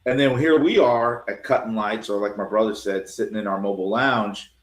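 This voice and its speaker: A man's voice: lowish voice, brisk. Storytelling man in an echoey room. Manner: animated, acts out dialogue in his stories. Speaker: cigar company co-owner, guest. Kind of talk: casual storytelling.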